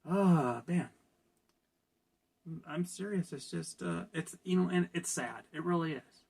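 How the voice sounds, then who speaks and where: A man's voice: fairly high pitch, measured pace, gravelly, a little mellow, husky. A man from California ranting in a casual opinion vlog, sarcastic and laughing at his own jokes. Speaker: vlogger.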